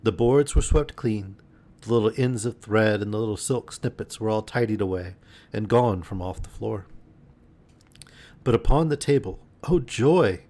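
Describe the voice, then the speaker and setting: A man reading a storybook aloud in a gentle, unhurried bedtime manner on a live stream. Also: lowish voice.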